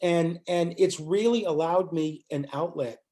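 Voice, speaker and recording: An older man, a musician, recounts a story as a guest. He voices the quotes of the people in it with animation, and his voice sits slightly high. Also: a little slow, dark tone. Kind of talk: storytelling in an interview.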